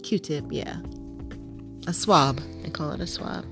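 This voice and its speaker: A woman's voice: low-pitched, slow, a bit bright, soft background music. A woman and mother hosting a podcast, chatting casually and earnestly with frequent fillers and restarts. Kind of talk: casual chat.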